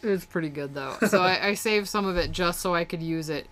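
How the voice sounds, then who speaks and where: A woman's voice: on the low side, brisk, a bit bright. A woman co-hosting a podcast in casual chat, rambling with fillers. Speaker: podcast co-host.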